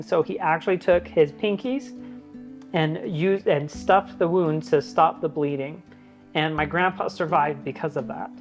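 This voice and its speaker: A man talking casually to his viewers, chatty and earnest, telling stories with plenty of fillers. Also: a little high. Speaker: vlogger giving an office tour. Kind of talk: casual tour chat to camera.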